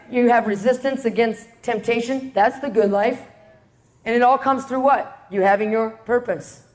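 A middle-aged woman with a high voice preaches a testimony sermon. She tells her stories with energy and keeps checking in with the congregation through rhetorical questions. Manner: animated storytelling, rhetorical questions to the audience. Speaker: preacher, prison ministry leader.

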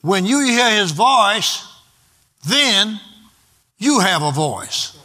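A man's voice: sits high, very animated, drawn-out words, bright, forceful tone. A man preaching a sermon emphatically and calling out to the congregation for responses. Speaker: pastor.

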